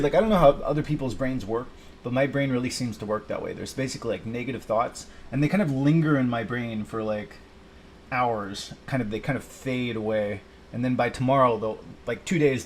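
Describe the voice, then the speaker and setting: A man's voice: medium pitch, slight background noise. A man venting in a rambling personal video, frustrated and swearing, talking to himself. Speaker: vlogger.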